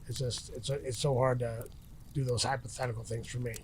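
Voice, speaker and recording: A man's voice: mid-range voice, level tone, brisk, breathy edge. A middle-aged man talking casually as an interview guest outdoors by a campfire, rambling with many restarts and fillers. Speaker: interview guest, retired fighter.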